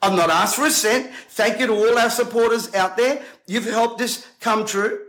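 An indignant male preacher with a strikingly high voice. He speaks to camera in a bright, forceful tone and keeps firing off rhetorical questions. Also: moderate pace, low-quality recording. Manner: emphatic, combative, rhetorical questions.

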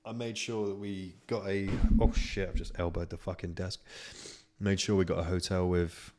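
A man's voice: sits low, little pitch movement, normal speed, darkish tone. A young man hosting a solo podcast, telling crude anecdotes with lots of swearing and laughter. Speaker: podcast host. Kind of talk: casual solo podcast chat.

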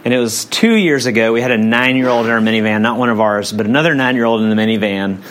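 A man's voice: mid-range voice, fast talker, fairly bright tone, a little hiss or hum. A man in his forties, a pastor preaching a sermon in a conversational way, often hedging with "kind of" and "um".

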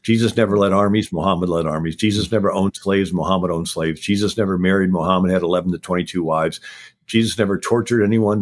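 A man appearing as a historian guest, giving a rapid-fire history lecture on a talk show and packing in facts one after another. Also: low-pitched.

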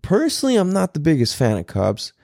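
A man hosting a podcast, telling a personal story in a rambling, profane way and acting out quotes with sudden high pitch jumps. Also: wildly swooping pitch, fairly quick, gravelly, a little mellow, dry recording, studio quality. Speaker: podcast host. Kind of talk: casual storytelling monologue.

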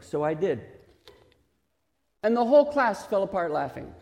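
High-voiced man preaching in a hall. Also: big pitch swings, creaky, a little mellow. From Texas. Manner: questioning, emphatic, slows for stress. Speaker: pastor. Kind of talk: sermon. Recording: reverberant hall.

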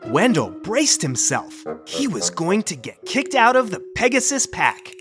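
A woman reads a children's storybook aloud at a slow, unhurried pace. Her voice swoops widely up and down as she narrates with great expression. Soft music plays faintly behind her. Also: fairly low pitch. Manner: animated, expressive read-aloud.

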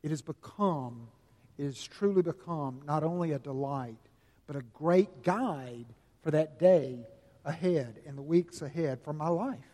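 An older man preaching a sermon, earnest and folksy, telling stories with slow, emphatic stretches. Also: a little high, warm tone. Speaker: pastor. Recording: long reverb of a large hall.

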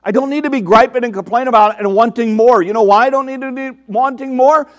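A pastor with a very high-pitched, fairly bright voice preaches fast to his congregation. He keeps it conversational, asking rhetorical questions and mimicking the people he quotes.

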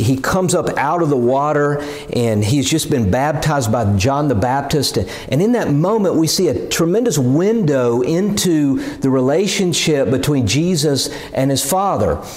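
A man's voice: a little high, a little mellow. A man preaching a sermon in an earnest, emphatic way, often repeating words as he builds a point.

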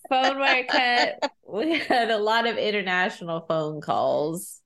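A woman co-hosting a podcast in casual chat, talkative and quick to laugh, with lots of "like" fillers. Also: mid-range voice, a bit bright. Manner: chatty, laughs often, many "like" fillers. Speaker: podcast co-host discussing a TV episode.

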